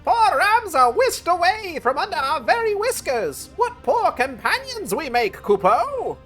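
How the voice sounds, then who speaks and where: A man voicing a small, earnest moogle creature from a game, with a shrill, exclaiming sing-song delivery. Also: big pitch swings, a little slow, a bit bright, soft background music, heavily acted. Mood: rallying.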